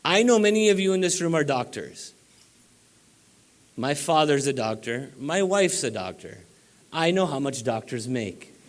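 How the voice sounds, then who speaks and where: Higher-pitched man giving an emphatic keynote. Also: big pitch swings, unhurried. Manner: emphatic, exhorting the audience. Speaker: keynote speaker. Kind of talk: banquet keynote speech. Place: banquet room before about four hundred people.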